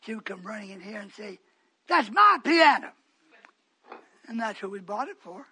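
A man, likely older, preaching a storytelling sermon, swinging from quiet asides to shouted outbursts. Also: high-pitched, fairly even intonation, fast, breathy edge.

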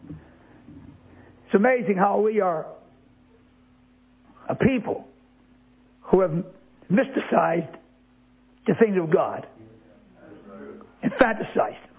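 This preacher's voice sits high with a breathy edge, and he moves a little slowly with long pauses. His emphatic sermon leans on repeated words and rhetorical questions to the congregation, captured in tinny, phone-like lo-fi sound.

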